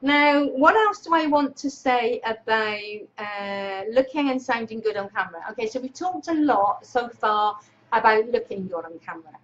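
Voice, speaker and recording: A woman hosting a live online stream, coaching viewers on speaking, excitable and energetic, greeting viewers by name. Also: on the high side, normal speed, lo-fi sound. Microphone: webcam clipped on monitor.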